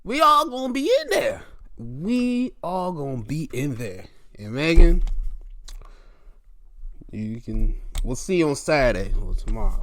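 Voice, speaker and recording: A man from Baltimore giving a casual, animated recap of a wrestling show and acting out quotes. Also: mid-range voice, a little hiss or hum.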